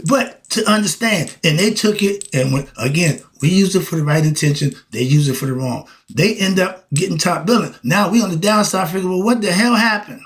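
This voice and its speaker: A middle-aged man giving a preachy solo monologue, answering his own questions and breaking into shouts. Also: high-pitched. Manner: coughs and clears throat. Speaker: street philosophy commentator.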